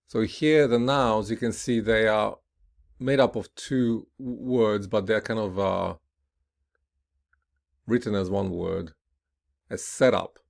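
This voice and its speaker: A man with a fairly low, gravelly voice teaches a pronunciation lesson at a very unhurried pace. He explains each rule step by step and often checks in with "right?". He says example word pairs aloud and leans hard on the stressed syllables. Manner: slow and deliberate, with repeated checks of "right?".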